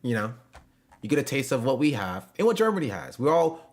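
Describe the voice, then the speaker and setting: A man's voice: mid-range voice, very animated, brisk. A young man chatting casually with his live-stream audience, joking and loose, full of slang and fillers. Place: home.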